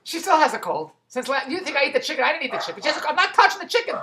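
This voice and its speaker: A man's voice: very high-pitched, sing-song, rapid-fire, pushed and bright, a little hiss or hum. A man in a rambling monologue vlog, stumbling and restarting as he goes, amused at his own tangents. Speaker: vlogger.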